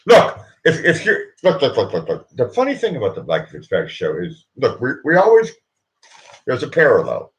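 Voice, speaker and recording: A man's voice: mid-range voice, huge pitch swings, brisk, dull audio. A man hosting his own live show, talking in a rambling comic monologue that keeps looping back on itself and restarting. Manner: rambling, keeps repeating "look", stops and restarts.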